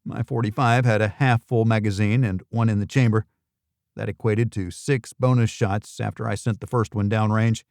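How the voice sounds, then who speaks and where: A man narrating a thriller audiobook in the first person, in a steady, wry manner. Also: lowish voice, moderate pace, creaky, no echo, studio quality.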